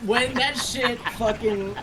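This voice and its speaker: A woman's voice: on the high side, fairly even intonation, takes it slowly, poor audio. A woman arguing insistently with friends, swearing as she makes her point. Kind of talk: casual argument among friends. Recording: crowd noise behind.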